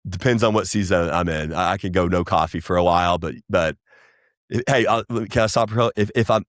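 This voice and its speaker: A man, chatting casually as a podcast guest, rambling and animated. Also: sits low, fairly quick, no room sound, clean studio sound. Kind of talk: casual chat.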